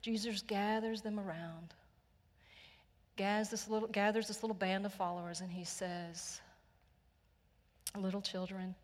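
A Texan woman delivers a sermon in an earnest, gentle storytelling voice, sometimes sinking to a near whisper. Her voice rings through a church hall with a long echo. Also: mid-range voice, fairly even intonation, moderate pace. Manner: gentle, earnest storytelling with soft hushed passages. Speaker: pastor. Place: church sanctuary.

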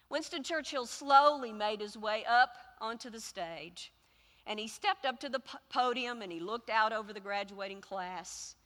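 A woman pastor preaching a sermon, telling a story with pauses and building to loud, emphatic repetitions. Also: fairly high pitch, in a large hall.

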